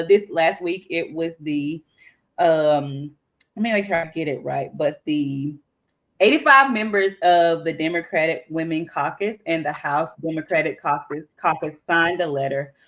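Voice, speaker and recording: A woman's voice: on the low side, a bit bright. A woman with a Southern US accent co-hosting a podcast, chatting in a casual, colloquial way and often breaking off mid-thought. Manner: chatty, colloquial, self-interrupting. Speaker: podcast co-host.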